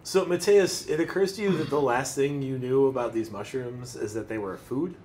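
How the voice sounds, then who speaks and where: A man's voice: mid-range voice, normal speed, a little mellow, a little hiss or hum. A young man as dungeon master, explaining rules casually with lots of fillers. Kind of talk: running a tabletop game, casual.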